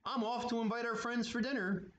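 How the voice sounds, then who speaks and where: A man voicing an eager little girl witch in a high, chirpy put-on voice for a storybook reading. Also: steady tone, fairly quick, a bit bright. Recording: echoey room, muffled, faint hiss.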